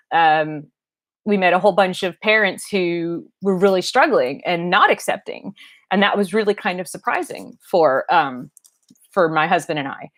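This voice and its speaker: A middle-aged woman talking casually on a livestream, rambling and halting, with many fillers and restarts. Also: fairly low pitch. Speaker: doll vlogger and parent. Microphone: livestream webcam mic.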